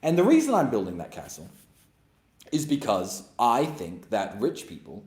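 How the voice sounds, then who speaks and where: A man's voice: lowish voice, huge pitch swings, moderate pace, a little mellow. A man hosting an opinionated monologue and Q&A, blunt and sarcastic, with emphatic delivery. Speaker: host. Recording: roomy echo.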